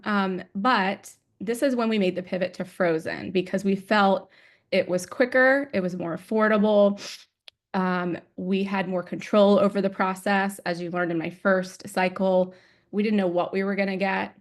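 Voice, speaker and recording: A woman's voice: medium pitch, steady tone, moderate pace. A woman in her forties telling her personal story as a webinar guest speaker, candid and emotional, with many ums. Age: 40s. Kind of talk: personal story talk with slides.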